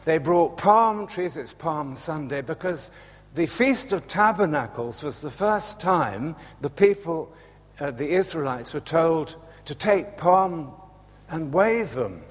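A man preaching a sermon in a church, slow and animated, dropping to a hush and rising again. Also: a little high. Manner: slow, animated, swings from loud to hushed. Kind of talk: Palm Sunday sermon. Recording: echoey church hall with long reverb.

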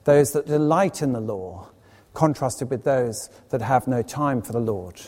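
A man preaching an evening sermon as a lay speaker, earnest and anecdotal with quick asides. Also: mid-range voice, dark tone, long reverb tail. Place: church, evening service.

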